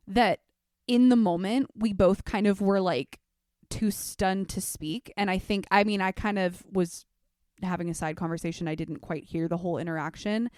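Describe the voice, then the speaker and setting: Young woman solo podcast host, animated and heated, mid-range voice, dry close mic. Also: medium pitch, smooth, no room sound. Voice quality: acts out quoted speech in mock voices. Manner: animated, passionate storytelling. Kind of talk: casual solo podcast monologue.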